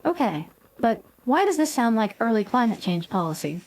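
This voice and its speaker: A woman's voice: a little high, very animated, moderate pace, darkish tone, rough recording. A woman co-hosting a scripted podcast, giving sassy, dramatic reactions. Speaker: co-host.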